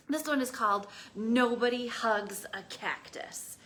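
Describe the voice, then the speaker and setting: A young woman, a children's librarian, reading a picture book aloud to young children with an expressive, engaging manner. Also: on the high side, measured pace, few pauses. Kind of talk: children's storytime read-aloud.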